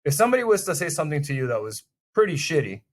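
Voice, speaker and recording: A man in casual podcast chat, talking animatedly and acting out what people say. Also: a little high. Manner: animated, fast, acts out quoted lines. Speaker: podcast co-host.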